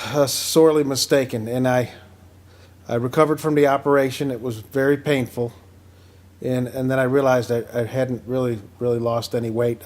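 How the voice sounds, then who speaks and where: A man in his fifties telling a personal story in a measured, wry, self-deprecating way. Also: medium pitch, darkish tone. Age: 50s.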